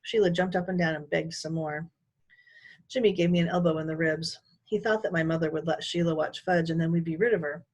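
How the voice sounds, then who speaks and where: A woman teacher reading a children's chapter book aloud in an expressive, animated way. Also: deep voice, brisk. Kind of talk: storybook read-aloud.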